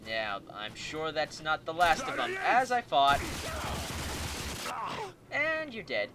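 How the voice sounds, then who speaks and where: A man hosting a let's play, giving excitable, joking gameplay commentary and talking back to enemies. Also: a little high, slow pace, noisy background.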